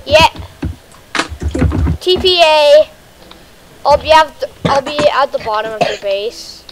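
A young female gamer talks over her game in a high, excitable voice, bossing her friends around. She sounds a little under the weather. A faint hiss sits behind her. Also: slow pace. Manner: excited, bossy about the game. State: a little sick. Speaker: gamer host. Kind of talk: casual game chat.

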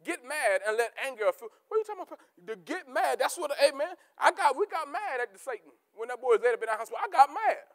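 A man preaching a sermon as pastor, repeating key words for emphasis and swinging between shouted peaks and low, quiet asides. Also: animated, fast talker, hardly any pauses. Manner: rising to shouts, then dropping to low asides.

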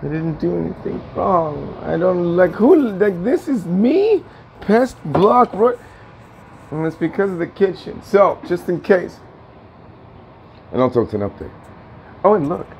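A man's voice: high-pitched, very animated, a little slow, gravelly, pauses often, muffled recording, slight background noise. Agitated aggrieved man ranting at home. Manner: aggrieved, repetitive, swearing. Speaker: tenant vlogger. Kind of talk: agitated personal vlog rant.

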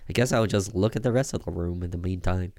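Wry, low-voiced man doing game commentary. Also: fast talker, darkish tone, no echo. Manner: wry, joking asides. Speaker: gaming YouTuber. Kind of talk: let's play commentary.

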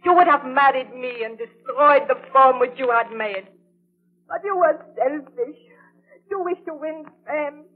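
A high, impassioned voice of a grieving young woman, played by an actress in an old radio drama, heard through a tinny, narrow broadcast sound. She speaks theatrically, accusing and pleading by turns. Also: measured pace. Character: young woman Elizabeth, grieving and reproachful fiancée. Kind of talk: 1930s radio drama acting.

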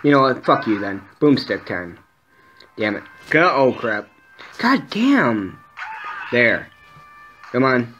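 Swearing, excitable gameplay commentator man. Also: medium pitch, measured pace, pauses often, a little hiss or hum. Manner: excitable, swears a lot, talks to the enemies. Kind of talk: casual let's play commentary. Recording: dull lo-fi mic with faint game music.

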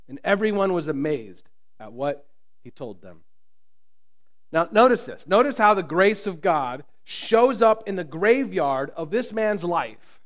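Pastor preaching with booming, hushed swings. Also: male voice. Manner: jokes with the congregation. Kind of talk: sermon. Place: church.

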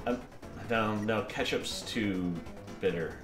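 A man's voice: on the low side, slow pace, echoey room, over music. A man chatting casually while playing a video game, rambling and joking and easily sidetracked. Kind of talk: casual let's-play banter.

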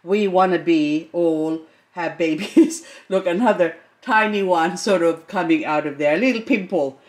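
A woman's voice: fairly low pitch, unhurried. A middle-aged woman hosting a gardening channel, gushing and exclaiming with frequent laughter as she unboxes plants. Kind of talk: excited unboxing vlog.

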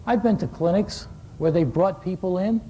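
A man's voice: high-pitched, normal speed, mellow, a little hiss or hum. A man in his sixties coaching basketball shooting at a clinic, a folksy storyteller who jokes and repeats his key words. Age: 60s.

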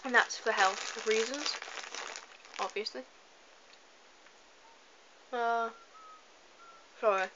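A woman gives casual, rambling let's-play commentary over a video game, chatty and often dropping apologetic asides. Her voice is on the high side with fairly even intonation, drawn-out words, and frequent pauses. It's recorded on a slightly dull lo-fi home mic with faint hiss.

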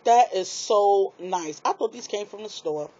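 A woman chatting excitedly to her viewers while unboxing craft supplies in a small apartment, laughing at herself as she goes. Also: medium pitch, measured pace. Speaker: craft vlogger. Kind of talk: casual unboxing chat to viewers. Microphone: tablet microphone. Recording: dull lo-fi tablet audio.

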